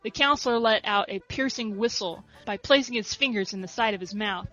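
Woman, soft steady story reading, muffled lo-fi audio, faint music behind. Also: mid-range voice, a little fast. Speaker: reader. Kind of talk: storybook narration.

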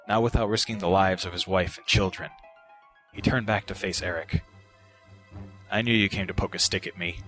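Guy narrating a story, lowish voice, music going under it. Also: fairly bright tone. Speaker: audiobook narrator. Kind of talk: scripted narration. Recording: narration over background music. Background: background music.

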